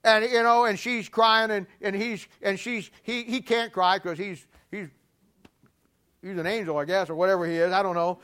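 A man preaching a sermon to a congregation, animated, repeating himself often and swinging between loud and hushed. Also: high voice, moderate pace, smooth. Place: church before a congregation.

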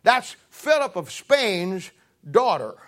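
A man voicing a scheming pope who makes slow, folksy excuses. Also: high-pitched, very animated, a bit bright, exaggerated voice. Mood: apologetic. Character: scheming adult male pope, apologetic.

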